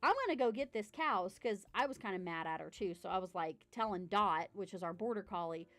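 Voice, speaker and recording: A woman, chatting casually while unboxing model horses, telling stories and getting loud and excited. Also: medium pitch, fairly quick, no room sound. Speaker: model horse collector vlogger.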